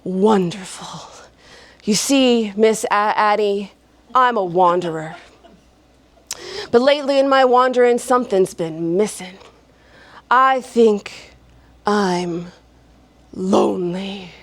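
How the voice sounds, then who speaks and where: A woman storyteller voicing a charming, courteous wandering cowboy who speaks slowly and smoothly. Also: medium pitch, no echo. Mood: wistful. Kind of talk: live oral storytelling.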